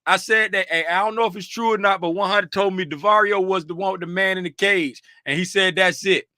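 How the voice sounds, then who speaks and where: Male livestream host from Florida, high bright voice, animated and casual. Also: brisk, dry recording, clean studio sound. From Fort Lauderdale, Florida. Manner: animated, greets chat by name, bursts of laughter and shouting. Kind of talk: casual livestream chat with viewers.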